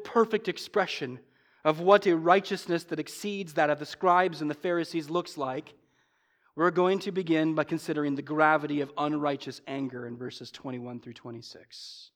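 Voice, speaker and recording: A man preaching a sermon as pastor, emphatic, swinging from loud stresses to low asides and slowing sharply on repeated refrains.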